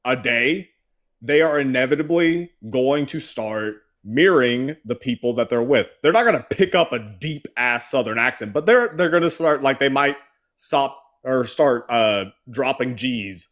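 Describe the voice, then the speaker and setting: Lively guy ranting on a stream, voice swoops all over, swears and mocks people. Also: mid-range voice, unhurried. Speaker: host. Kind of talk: casual political chat.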